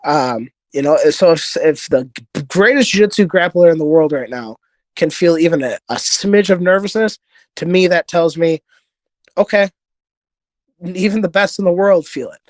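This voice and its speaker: Brief: male guest, slightly higher voice, dry close sound, earnest and rambling. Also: normal speed, no room sound. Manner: rambling, earnest storytelling with many fillers. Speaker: podcast guest, jiu-jitsu competitor. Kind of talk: casual conversation.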